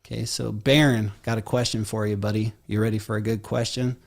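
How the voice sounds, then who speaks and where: A man's voice: lowish voice, little pitch movement, brisk, creaky. A man co-hosting a yoga podcast introduces a topic and puts questions to the host in a casual, chatty way. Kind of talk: live podcast talk, presenting and interviewing.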